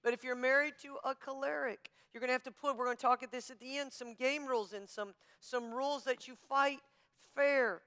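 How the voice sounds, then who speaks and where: A woman pastor teaching a marriage class in an emphatic, forceful, coach-like manner. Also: high voice, fairly even intonation, fairly quick, clear, resonant tone. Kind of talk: sermon-style teaching.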